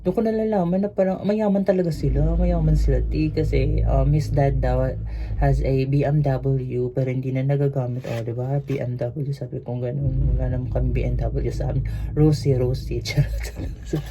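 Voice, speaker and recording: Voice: mid-range voice, steady tone, a little fast. A speaker from the Philippines with a Filipino accent, a cruise ship crew member telling a story in a rambling, casual way full of fillers. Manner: rambling, mixes Tagalog and English, many fillers. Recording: dull lo-fi sound with faint hiss.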